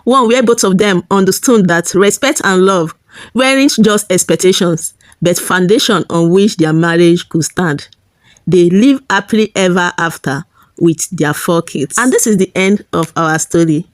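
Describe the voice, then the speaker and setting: Steady woman storyteller, dry sound. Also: fairly low pitch, normal speed, dry recording. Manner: plain, steady storytelling with occasional slips. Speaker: storyteller and channel host. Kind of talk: storybook narration.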